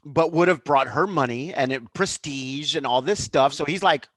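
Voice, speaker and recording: A man's voice: on the high side, moderate pace, no echo. A man co-hosting a casual chat about a film, easygoing, with many fillers. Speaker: co-host.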